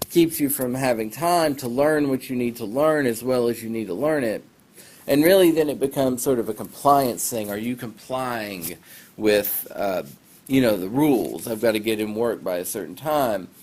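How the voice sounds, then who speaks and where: A male teacher, broadcasting from his phone, gives class announcements in a loose, rambling way while joking at his own expense. He has a mid-range voice with a darkish tone. The delivery is talkative, wandering, and full of self-deprecating remarks.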